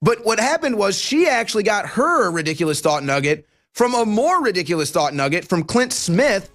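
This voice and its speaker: A man's voice: sits high, big pitch swings, normal speed, fairly bright tone. A man hosting a political talk show, delivering sarcastic, mocking and emphatic commentary.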